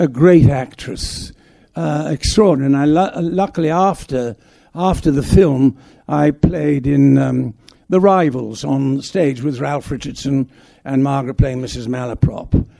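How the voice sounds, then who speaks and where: An older man from England, a guest actor telling anecdotes in a halting, reminiscing way on stage. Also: fairly high pitch, creaky, warm tone, dry recording.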